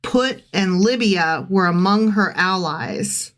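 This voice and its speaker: A woman's voice: medium pitch, slow pace. Sarcastic, chatty woman reading scripture. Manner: sarcastic, irreverent, chatty with frequent "like". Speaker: podcast co-host. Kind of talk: casual scripture reading and commentary.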